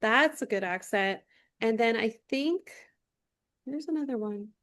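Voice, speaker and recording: A woman co-hosting a podcast in casual chat, playful and quick to laugh. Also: fairly high pitch, lively intonation, a bit bright, no room sound, studio quality. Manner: laughing, playful, slips into mock accents. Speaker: podcast co-host.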